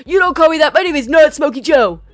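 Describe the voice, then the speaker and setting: Brief: woman doing a loud, agitated man, shouting. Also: sits high, expressive, fast talker, dry recording, clean studio sound, pitched above the performer's own voice. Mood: angry. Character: agitated, aggressive homeless man.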